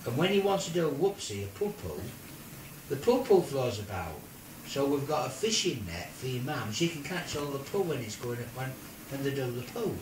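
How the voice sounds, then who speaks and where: Old grandad spinning a silly story, voice all over the place, echoey room, mic a way off. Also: male voice, normal speed, noisy background. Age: older. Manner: animated, jumps into squeaky quoted voices. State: ill. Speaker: grandfather telling a made-up story. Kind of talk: playful bedtime-style storytelling. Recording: roomy home video from a distance.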